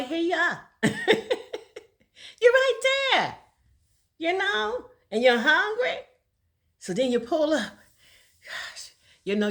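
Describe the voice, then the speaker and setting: A middle-aged woman telling a casual, folksy story in a vlog, laughing often between lines. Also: mid-range voice. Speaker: vlogger.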